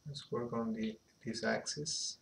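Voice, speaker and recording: A man giving an unhurried animation software tutorial, thinking aloud as he works, with a slight phrasing. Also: medium pitch, steady tone, creaky, a little hiss or hum. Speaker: animation instructor. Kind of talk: screen-recorded software tutorial.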